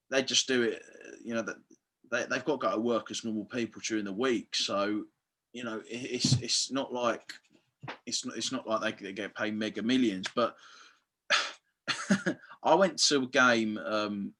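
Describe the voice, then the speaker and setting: Bright-voiced man telling footie stories. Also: on the low side. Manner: animated storyteller, swears freely, acts out quotes. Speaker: football fan guest. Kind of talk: casual podcast chat.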